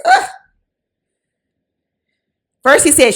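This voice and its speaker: A woman's voice: high-pitched, sing-song, fairly quick, long pauses. A woman giving casual, sassy commentary on a reality show, mocking the people in it with quoted voices.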